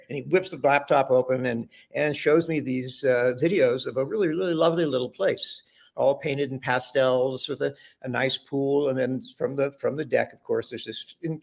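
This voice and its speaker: Older male guest, very gravelly and raspy, loose rambling anecdotes full of restarts. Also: medium pitch. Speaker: guest, former chef. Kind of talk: conversational storytelling.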